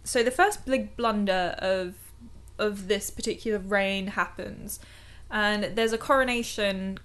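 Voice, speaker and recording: A woman's voice: medium pitch, unhurried, a bit bright. Chatty woman telling history casually. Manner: chatty, many fillers, laughs often. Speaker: podcast host telling history. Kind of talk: casual storytelling chat.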